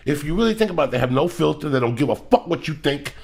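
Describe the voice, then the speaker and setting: A middle-aged man hosting a podcast, telling rambling, profane stories in a loud, animated way. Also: a little high, fast, gravelly. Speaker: podcast host. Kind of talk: casual podcast chat.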